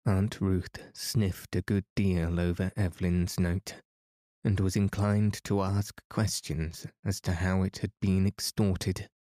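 A man reading a novel aloud calmly for a sleep podcast. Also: deep voice, slow pace, no echo, clean studio sound. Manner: calm, soothing reading. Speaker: podcast narrator. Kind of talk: bedtime audiobook narration.

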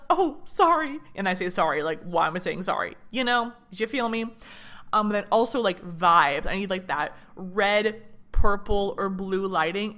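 A young woman from Michigan talks through her own podcast in a relaxed, chatty way. She is bubbly and loose, with filler "likes" and lively acted-out quotes of herself, at a middle pitch. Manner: bubbly, chatty, full of "like" and playful self-quotes. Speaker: podcast host. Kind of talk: casual solo podcast talk.

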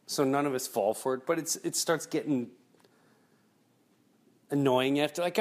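A man's voice: medium pitch, a little slow, pauses often. A man hosting his own podcast, telling rambling stories casually and often restarting his sentences. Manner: rambling storyteller, restarts and acts out quotes. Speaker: podcast host. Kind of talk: casual solo podcast monologue.

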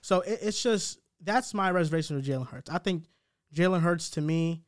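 A man's voice: on the high side, moderate pace, no room sound, studio quality. A man co-hosting a sports podcast, talking casually and laying out his arguments point by point. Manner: analytical, steady, building arguments point by point. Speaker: podcast co-host.

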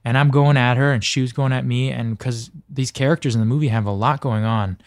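A man's voice: mid-range voice, steady tone, brisk, no room sound, clean studio sound. A man speaking as a podcast guest in casual conversation, earnest and reflective, often stopping and restarting his sentences.

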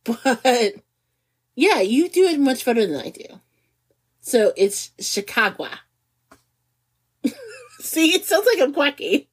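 A woman in her forties co-hosting a podcast in casual chat, animated and giggly, laughing often, with no regional accent. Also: high voice, unhurried. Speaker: podcast co-host.

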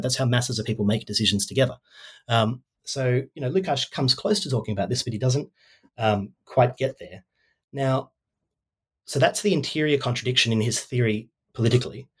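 A man with a husky voice explains a dense argument at a quick clip. He stays loose and conversational, padding his points with "you know" and "like" and restarting his sentences, as an author going over his book. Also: mid-range voice. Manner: discursive, many fillers like "you know" and "like". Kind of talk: casual academic explanation.

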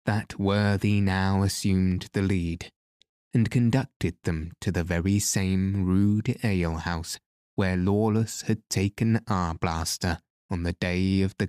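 Deep slow male audiobook narrator. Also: steady tone, a little mellow, clean tone, dry recording, clean studio sound. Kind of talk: measured classic-novel narration.

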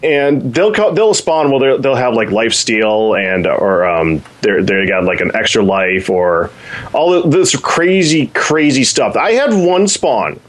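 A man on a podcast telling a rambling, excited story about a game, with many restarts. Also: medium pitch, a little slow. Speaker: podcast co-host. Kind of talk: casual storytelling.

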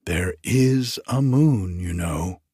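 A man's voice: low voice, animated, slow pace, dark tone. A man reading a story, voicing a lean, sorrowful young man who talks in a plaintive, dreamy way.

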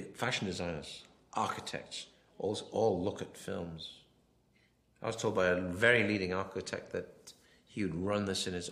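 A film director giving a rambling commentary, full of anecdotes, often quoting himself and others. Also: male voice, sits low, vocal fry, fairly bright tone.

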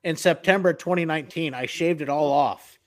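A man's voice: a little high, brisk, a crowd in the background. Middle-aged man telling rambling anecdotes. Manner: rambling anecdotes, swears casually. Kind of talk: casual chat.

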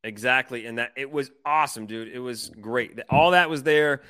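Bright-voiced man telling a rambling story. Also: medium pitch, normal speed, smooth, no echo. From Detroit. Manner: rambling, excited storytelling with fillers. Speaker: podcast co-host. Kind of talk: casual chat.

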